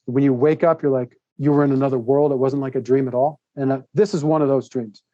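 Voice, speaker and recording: A man guest on a podcast, telling a long personal story in a rambling, animated way, laughing often and restarting his sentences. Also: mid-range voice, fast talker, no room sound, lo-fi sound. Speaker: podcast guest, author and speaker. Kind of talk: casual interview storytelling.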